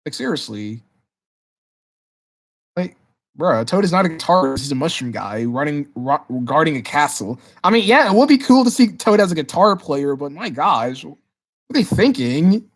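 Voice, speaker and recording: Excitable male livestreamer who stumbles over his words. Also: on the high side, moderate pace. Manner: excitable, repeats words and restarts often. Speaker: livestream host. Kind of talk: casual livestream Q&A, reading chat questions aloud.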